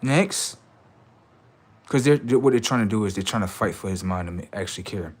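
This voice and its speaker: A man's voice: fairly low pitch, animated, a little fast. Profane ranting male livestream host. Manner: profane, mocking, repetitive.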